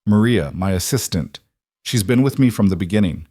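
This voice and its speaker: A man voicing a composed, guarded businesswoman who answers in a careful, measured way in an audio story. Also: fairly low pitch, expressive, dark tone, no echo, studio quality.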